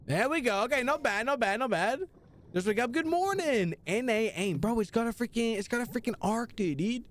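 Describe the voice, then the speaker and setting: Young male streamer, animated and chatty, high voice with very lively swings. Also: fairly quick. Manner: animated, chatty, replies to chat with slang. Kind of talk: casual live gaming stream.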